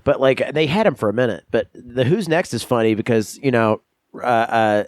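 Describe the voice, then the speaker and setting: A man's voice: mid-range voice, lively intonation, normal speed, dry recording. A man co-hosting a podcast in a studio, chatting enthusiastically and animatedly and laughing often. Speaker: podcast co-host. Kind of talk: casual chat.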